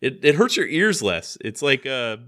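A man's voice: medium pitch, very animated, moderate pace, sharp tone. An American man co-hosting a podcast, chatting casually in a rambling, self-deprecating way with lots of restarts. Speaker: podcast co-host. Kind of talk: casual chat.

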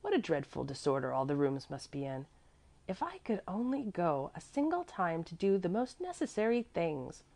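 Earnest, fretful old housekeeper type, emphatic, with lively pitch swings, read by a woman. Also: normal speed, gravelly, full character voice. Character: fussy, devoted older woman servant.

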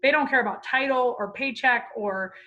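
A woman in her thirties talks openly as an interview guest. Her voice sits a little high, with a bright, forward tone. She speaks with feeling, telling personal stories plainly. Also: moderate pace, lo-fi sound. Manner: candid, heartfelt, storytelling. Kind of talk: emotional personal interview talk.

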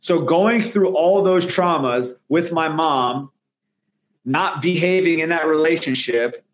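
A man's voice: on the high side, takes it slowly. Male guest; earnest, emphatic talker with frequent restarts. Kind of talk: candid interview conversation.

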